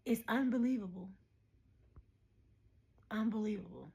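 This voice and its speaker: A woman in her thirties talking straight to her viewers in a casual spiritual message, animated and preachy, laughing often. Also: mid-range voice, a little slow, vocal fry. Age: 30s. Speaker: spiritual vlogger.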